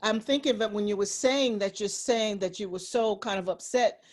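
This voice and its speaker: A woman co-hosting a podcast, speaking in a thoughtful, measured, reflective way. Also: medium pitch. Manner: thoughtful, measured, with steady listening murmurs. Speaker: podcast co-host. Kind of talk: reflective casual chat.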